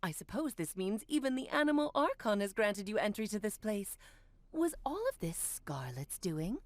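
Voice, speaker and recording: A woman's voice: mid-range voice, very animated, moderate pace, no room sound, natural voice. A woman voicing a playful, grand witch and mother in a dubbed video game. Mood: amused.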